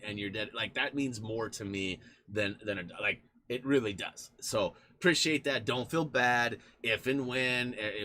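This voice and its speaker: Lively, bright-voiced man chatting on stream. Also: mid-range voice. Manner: rambling, chatty, thanking supporters by name. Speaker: live stream host. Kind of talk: casual live stream chat. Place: in front of a green screen.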